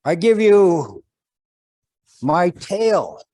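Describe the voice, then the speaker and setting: A man voicing a big, wise male eagle spirit who speaks in slow, solemn proclamations. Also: high-pitched, big pitch swings, mellow, pitched above the performer's own voice, exaggerated voice.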